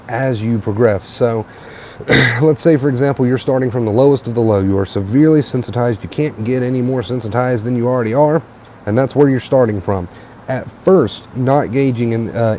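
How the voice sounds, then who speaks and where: A young man hosting a late-night livestream on a tablet, a little tired, relaxed and repetitive, with plenty of uh and um. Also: mid-range voice, a little hiss or hum. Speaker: livestream host. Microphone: tablet mic.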